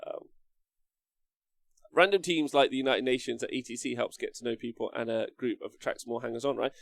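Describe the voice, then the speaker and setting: Gravelly man chatting on stream. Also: medium pitch, fairly quick, no room sound. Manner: rambling, swears casually, answers viewer comments aloud. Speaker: live-stream host reading chat. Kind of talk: casual live-stream chat.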